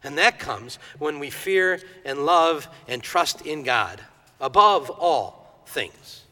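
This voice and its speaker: Male pastor, high bright voice, animated storyteller, long church reverb. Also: takes it slowly. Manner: lively storytelling, acts out quoted voices. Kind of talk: sermon.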